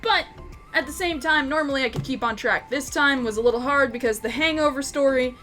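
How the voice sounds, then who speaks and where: Woman storyteller, high voice, loose unscripted rambling with heavy swearing, faint music under. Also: fairly quick, pushed and bright. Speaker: YouTube storyteller, game master.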